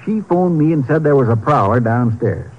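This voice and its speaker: An actor playing a folksy, easygoing small-town sheriff, in 1940s radio acting on a dull old broadcast. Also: male voice, medium pitch, animated, normal speed, close to an everyday voice. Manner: drawling, folksy.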